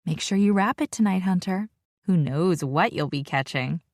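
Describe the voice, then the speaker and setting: A woman's voice: on the low side, normal speed, darkish tone, no echo, clean studio sound. A woman voicing a catty young woman who talks in a fake whiny voice. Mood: snide. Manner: whiny, mocking.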